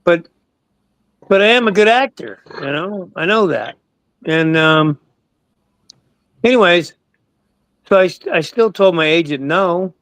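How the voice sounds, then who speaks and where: An older man in his sixties tells stories as a guest in a relaxed interview. He rambles, doubles back on his words and swears without a second thought. His voice sits a little high and is captured dry and close, with no room sound. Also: a little slow, long pauses, clean tone, no room sound, poor audio. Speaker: guest actor. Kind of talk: casual storytelling interview.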